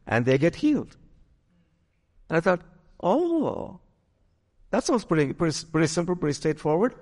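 A man's voice: a little high, sing-song, a little fast, a little mellow, in a large hall. A pastor telling a story in a sermon, acting out the voices of the people he quotes.

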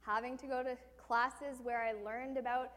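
High-voiced woman preaching in a hall. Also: moderate pace. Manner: storytelling, animated, asks the audience questions. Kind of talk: sermon.

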